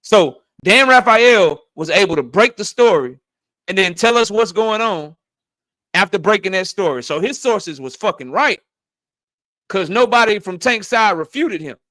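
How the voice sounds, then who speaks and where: A man's voice: sits high, expressive, moderate pace, pushed and bright, no room sound. A middle-aged man hosting a channel, arguing his point insistently and with a lot of profanity in a heated debate. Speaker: channel host.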